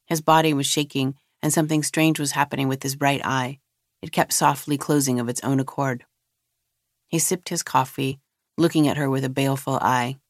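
Audiobook reader, steady pace, mid voice, dead dry recording. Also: medium pitch, no room sound. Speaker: narrator. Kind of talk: audiobook narration of a novel.

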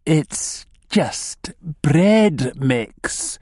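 Sly, secretive male gnome, slow and hushed, dry close read, acted by a man. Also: medium pitch, sing-song, dry recording, heavily acted. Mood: insistent. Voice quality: slow, deliberate, hushed delivery. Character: sly, cryptic male gnome, a pub regular.

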